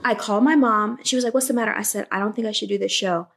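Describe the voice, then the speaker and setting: A woman on a podcast telling animated, sassy stories and acting out the dialogue in them. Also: mid-range voice, very fast, creaky. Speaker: guest. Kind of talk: casual podcast conversation.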